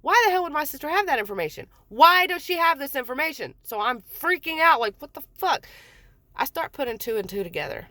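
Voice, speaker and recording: A woman's voice: sits high, big pitch swings, a little fast, pushed and bright, no room sound. A woman in her forties telling her own story in a heated, blunt way, swearing often and acting out what others said. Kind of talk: angry personal storytelling.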